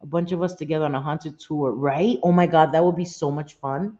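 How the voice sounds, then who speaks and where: Speaking fairly quickly in a low, dark voice, this middle-aged livestream host chats casually with her viewers at home, answering them freely with plenty of swearing and chuckling. She reads the chat aloud and laughs a lot, all over roomy, dull lo-fi stream sound.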